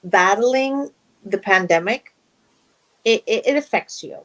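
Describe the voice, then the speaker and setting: A woman's voice: mid-range voice, slow pace, poor audio. A young woman guest in a casual interview, animatedly telling stories and acting out quoted dialogue. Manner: animated, acts out quoted dialogue, laughs often. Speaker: guest actress.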